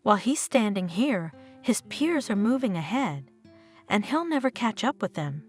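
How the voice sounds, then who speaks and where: A woman reading as a worried mother, sharp with reproach and indignation, with her pitch swinging widely. Soft guitar music runs underneath this story reading. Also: very animated, normal speed, natural voice. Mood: indignant. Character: indignant, anxious mother, worried about money.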